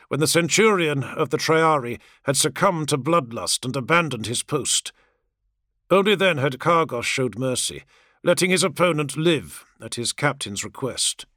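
A man reading a grim war audiobook in dramatic, expressive scripted narration. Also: mid-range voice, no room sound, studio quality.

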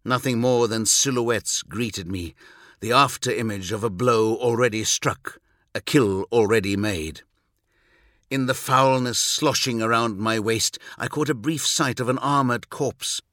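A man reading a scripted first-person audiobook story, with measured, intense and vivid delivery. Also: mid-range voice, fairly bright tone, dry recording, clean studio sound. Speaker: audiobook narrator.

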